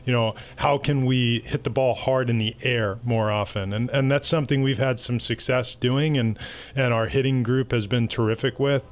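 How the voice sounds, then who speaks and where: A man's voice: mid-range voice, normal speed. Male sports executive guest, mid-range voice, easygoing anecdotal delivery. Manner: relaxed, anecdotal storyteller. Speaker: baseball team executive, guest. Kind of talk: casual interview answers.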